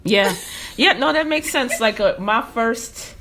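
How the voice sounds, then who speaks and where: An American woman podcast host tells stories in a casual chat, animated as she acts out quotes and laughs often. Her voice is fairly high-pitched and her pace unhurried.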